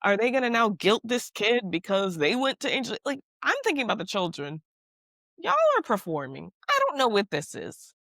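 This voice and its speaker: A woman co-hosting a podcast in casual chat. She talks in animated, exasperated rants with emphatic outbursts. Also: mid-range voice, normal speed, no echo. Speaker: podcast co-host.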